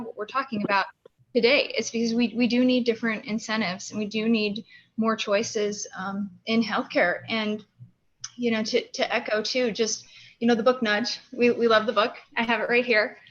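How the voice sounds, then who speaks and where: A woman speaking quickly and enthusiastically as host of an online panel discussion. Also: on the high side, muffled recording.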